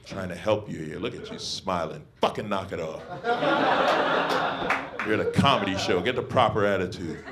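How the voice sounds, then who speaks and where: A man's voice: low voice, moderate pace, pauses often, very noisy. A man doing a stand-up comedy set at a small beach house venue, mocking and profane, riffing with the crowd. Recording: live crowd audible. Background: audience laughter.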